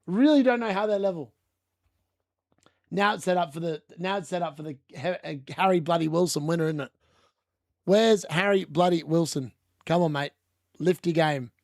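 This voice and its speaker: A man with a high-pitched voice commentates live on a fantasy football stream. He talks in a chatty, excitable way, laughs often and corrects himself mid-sentence. The sound is dry and close, with no room around it. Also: normal speed, long pauses, no room sound. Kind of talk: live watch-along commentary.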